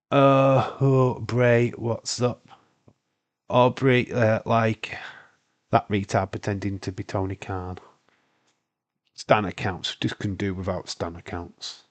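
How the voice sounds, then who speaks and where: Congested from hay fever, a Scottish man from Britain hosts a casual live-stream watch-along in a low, steady voice. He talks slowly with long pauses, rambling, swearing and laughing frequently.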